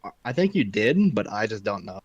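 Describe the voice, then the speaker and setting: A man's voice: fairly low pitch, sing-song, a little fast, no room sound, highs cut off. A young man playing a tabletop game, brash and joking, swearing freely. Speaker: player. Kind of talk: casual tabletop game chat.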